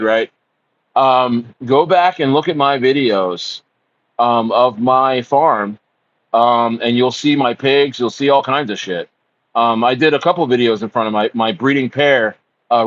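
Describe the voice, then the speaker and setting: A man chatting loosely on a livestream, full of ums, restarts, swearing and bro. His voice sits in a middle pitch. The sound is dull and very dry, with no room tone around it. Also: no room sound. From United States. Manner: rambling, filler-heavy, profane, calls his viewers bro. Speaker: livestream host. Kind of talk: casual livestream chat.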